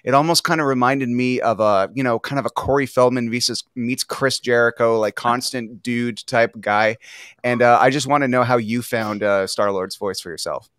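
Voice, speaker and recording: A man's voice: medium pitch, normal speed, fairly bright tone, clean tone, no room sound. An enthusiastic man hosts a live interview over a video call, praising his guests as he sets up questions. His voice sounds dry and close. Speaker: show host.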